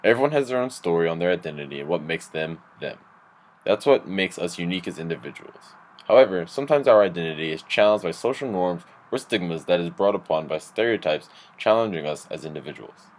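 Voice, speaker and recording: Low-voiced man reading scripted narration. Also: animated, a little hiss or hum. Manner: measured, explanatory.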